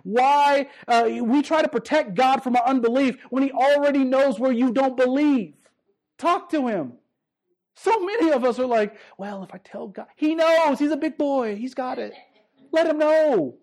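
A man preaching a sermon, emphatic and conversational, repeating phrases and stumbling over restarts, slowing down to stress key lines. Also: very high-pitched, darkish tone. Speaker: pastor.

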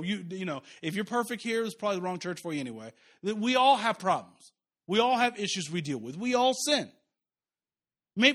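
A man's voice: sits high, fairly bright tone. A man pastor preaching a sermon in a conversational way, restarting words and turning to the congregation with asides.

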